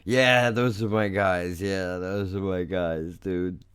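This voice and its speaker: A man hosting a podcast, chatting casually and excitably with lots of swearing and laughter as he reacts to clips. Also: deep voice, slow, smooth. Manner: excitable, profane, laughs often. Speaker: podcast host.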